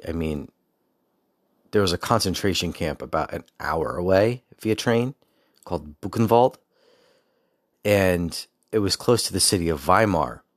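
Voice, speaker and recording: A man's voice: deep voice, dry recording, clean studio sound. A man in his forties telling a rambling personal story, with many fillers and digressions. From United States. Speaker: speaker recounting a personal story. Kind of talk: casual storytelling monologue.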